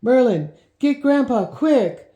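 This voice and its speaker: A woman voicing an eager, impulsive young boy in a storybook reading, who shouts when thrilled. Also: fairly low pitch, unhurried, highs cut off. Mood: distressed. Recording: roomy echo.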